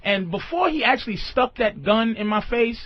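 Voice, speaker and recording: A man with a high, husky voice rants dating advice in a profane, emphatic way, swinging his pitch widely as he acts out quotes. The sound is dull, dry and lo-fi. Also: expressive, normal speed, no room sound. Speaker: host giving dating advice. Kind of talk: comedic rant.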